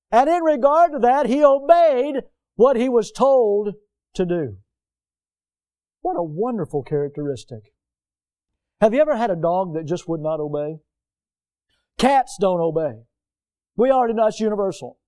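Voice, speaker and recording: A man preaching a sermon from the pulpit in a lively, conversational way, full of repetition and everyday asides. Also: very high-pitched. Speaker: pastor. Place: church.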